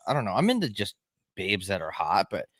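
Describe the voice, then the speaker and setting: A man's voice: deep voice, huge pitch swings, fairly quick, fairly bright tone, no echo, studio quality. A man co-hosting a podcast, telling laid-back rambling anecdotes in casual chat. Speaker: podcast co-host.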